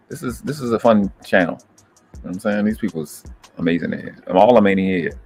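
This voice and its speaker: Give me a husky, low-voiced man hosting a casual livestream. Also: fairly quick, a little mellow, faint music behind. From Baltimore, Maryland. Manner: loose, reads chat aloud and banters. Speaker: livestream host.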